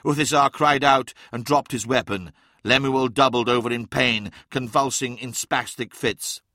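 A man narrating a fantasy audiobook in a measured, dramatic reading. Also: mid-range voice, bright, forceful tone, dry recording, studio quality.

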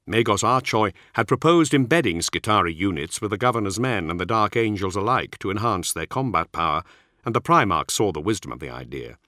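A man narrating an audiobook in a steady, measured reading. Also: sits low, no echo, studio quality.

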